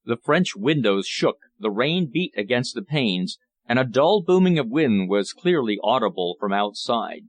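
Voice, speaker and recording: A man reads an old novel aloud in a steady, measured audiobook voice. He sits at a middle pitch for a man and moves through the prose at an even, unhurried pace. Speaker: audiobook narrator. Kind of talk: scripted audiobook narration.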